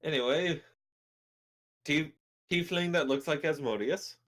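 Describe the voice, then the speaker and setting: A man's voice: fairly high pitch, unhurried, fairly bright tone. A man playing a tabletop game, talking casually with wry jokes. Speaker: player. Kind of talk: casual chat and in-character play.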